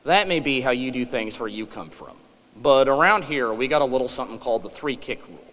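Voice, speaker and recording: A man playing an old western Kansas farmer, calm and folksy, in a slow, dry drawl. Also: mid-range voice, lightly acted. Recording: echoey hall.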